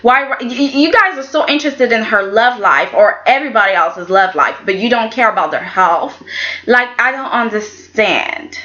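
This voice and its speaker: A woman's voice: on the high side, expressive, moderate pace, sharp tone, lo-fi sound. A woman casually reviewing a soap opera episode, chatty and opinionated, often acting out what the characters said. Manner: chatty and opinionated, acts out quotes in voices. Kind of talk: casual chat.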